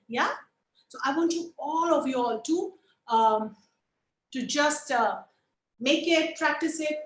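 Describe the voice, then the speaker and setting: A woman teaching an online puppetry workshop, lively and demonstrative, coaxing the group to try along with her. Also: high voice, slow, long pauses, reverberant, low-quality recording.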